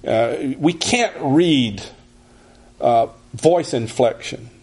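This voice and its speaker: A man teaches through a sermon in a husky, breathy voice. His pitch sits in the middle range, and his delivery is measured, often circling back to restart a phrase. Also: lively intonation, darkish tone. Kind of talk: expository sermon.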